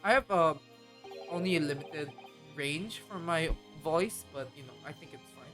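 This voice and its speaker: A woman streaming live, chatting casually and bubbly, greeting her chat with excitement. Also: low voice, moderate pace, over music.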